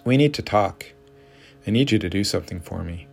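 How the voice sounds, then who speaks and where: A man's voice: low voice, lively intonation, fairly quick, creaky, a little mellow, breathy edge, faint music behind, heavily acted. A man voicing a frustrated adult wife, speaking in a raised, insistent and pleading tone.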